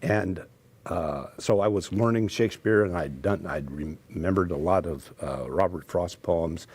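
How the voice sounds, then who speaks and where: An older man telling stories as a TV guest, speaking carefully and deliberately after a stroke, with frequent fillers. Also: low voice, a little mellow, slightly rough. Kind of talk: storytelling in a TV interview.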